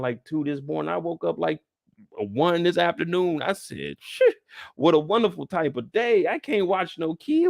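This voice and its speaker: A young man hosts a live after-show discussion, riffing through loose, profane, rambling stories. His voice is a little high and a little mellow, with some vocal fry. The recording is studio quality with no room sound.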